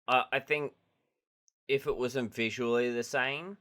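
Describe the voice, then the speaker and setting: A man's voice: mid-range voice, fairly even intonation, unhurried, pushed and bright. A man co-hosting a podcast in casual chat, easygoing and a little hesitant, with lots of fillers. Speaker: podcast co-host.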